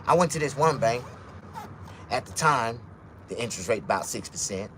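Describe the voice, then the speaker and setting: A man's voice: medium pitch, animated, normal speed, fairly bright tone, a little hiss or hum. A man delivering a blunt, profane, casual monologue rant as a vlogger, telling stories along the way.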